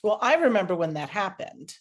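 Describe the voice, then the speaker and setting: A woman co-hosting a podcast, calmly recalling an event in a measured way. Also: mid-range voice. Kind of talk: casual podcast chat.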